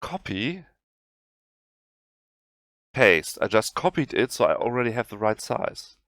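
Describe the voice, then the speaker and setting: Slow German-accented man explaining software. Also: lowish voice, very animated, dry recording, clean studio sound. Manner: halting, self-correcting non-native English. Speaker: tutorial host. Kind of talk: screen-recorded software tutorial.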